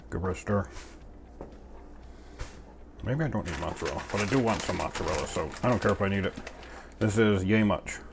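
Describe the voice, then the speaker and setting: Deep-voiced goofy man cooking at home. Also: creaky, background noise. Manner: goofy, self-mocking, chatty. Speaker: cooking channel host. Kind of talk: casual cooking narration. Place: home kitchen.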